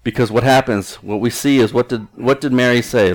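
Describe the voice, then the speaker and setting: A man's voice: medium pitch, expressive, moderate pace, few pauses. A middle-aged male pastor preaching a conversational sermon in an earnest tone, often restarting his sentences.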